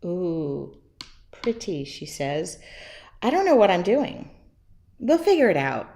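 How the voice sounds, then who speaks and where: A woman's voice: mid-range voice, wildly swooping pitch, measured pace, darkish tone. A woman teaching a live painting demo from her home studio, chatty and self-mocking, laughing at herself as she works. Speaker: art teacher.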